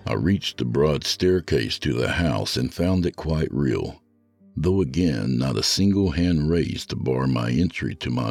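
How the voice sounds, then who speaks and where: Super deep guy, gravelly, slow spooky horror read, bit of music under it. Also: a little mellow. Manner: slow, ominous storytelling. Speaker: podcast host reading horror fiction. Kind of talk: scripted horror narration.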